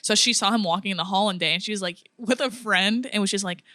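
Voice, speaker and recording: A woman's voice: medium pitch, quick pace, no echo, studio quality. A young woman co-hosting a podcast, telling a story and acting out what people said, laughing often. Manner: animated storyteller, laughs often, acts out quotes. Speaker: podcast co-host. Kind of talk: casual chat, storytelling.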